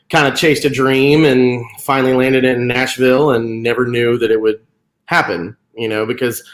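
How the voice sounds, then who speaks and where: A man in his late thirties from North Carolina talks casually as a guest musician on a video call. He is friendly and quick to laugh, and his speech is full of fillers. His voice sits at an ordinary middle pitch for a man. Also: poor audio. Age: 30s. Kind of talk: casual interview chat.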